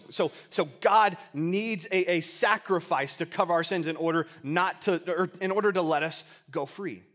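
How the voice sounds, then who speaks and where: A young man preaching a casual sermon to a youth group, often stumbling and repeating words, with relaxed slang. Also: high-pitched. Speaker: youth pastor.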